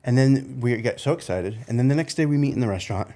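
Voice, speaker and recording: A man with a slight New England accent, a chef guest telling anecdotes in a relaxed podcast chat, laughing as he goes. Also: mid-range voice, quick pace. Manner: animated, laughs through anecdotes, frequent restarts. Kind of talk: casual conversational storytelling.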